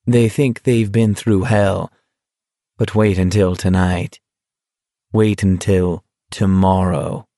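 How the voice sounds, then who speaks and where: A man voicing a cool, sly young male walker in an audiobook, calm and knowing. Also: low-pitched, slow, no room sound, clean studio sound.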